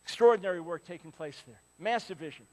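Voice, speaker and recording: Male preacher, high voice, animated storytelling, big hall reverb. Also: fast talker. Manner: animated storyteller, drops to hushed tones for quoted lines. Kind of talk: sermon storytelling.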